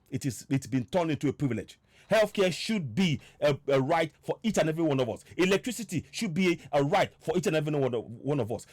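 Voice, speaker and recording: A man's voice: fairly high pitch, a little mellow, dry recording, studio quality. A man hosting an online political commentary show, impassioned and repetitive, often stumbling and restarting.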